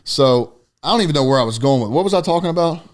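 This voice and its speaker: A young man co-hosting a podcast, chatting about sports in a loose, profane, animated way and telling stories. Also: fairly high pitch, quick pace. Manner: profane, animated storytelling, often says "dude". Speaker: podcast co-host. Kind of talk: casual sports chat.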